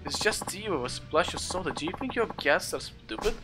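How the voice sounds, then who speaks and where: A man's voice: fairly high pitch, expressive, brisk, pitched above the performer's own voice, close to an everyday voice. Man reading a bratty rich teen boy, sneery and bossy, game music in the back. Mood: haughty. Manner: haughty, sneering. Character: arrogant teenage boy, spoiled heir. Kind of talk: reading game subtitles aloud in voices.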